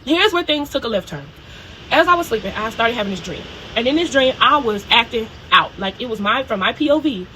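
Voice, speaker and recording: A woman telling a personal story for her video diary in a casual, animated way. She swears freely and keeps checking in with "you know" and "okay?". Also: a little high, brisk, a little hiss or hum, low-quality recording. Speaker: spiritual video diarist.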